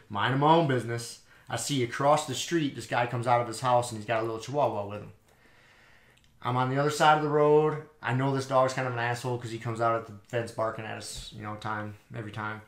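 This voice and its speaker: A man hosting a podcast, telling a story in a casual, animated way, swearing and acting out both sides of an argument. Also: mid-range voice, a little fast, echoey room. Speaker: podcast host.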